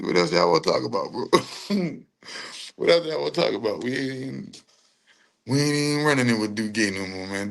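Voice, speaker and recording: A livestream host with a medium-pitched, gravelly, fairly bright voice gives casual, slangy commentary. He drags out his words, laughs through them, and repeats things in a drawn-out, mocking way.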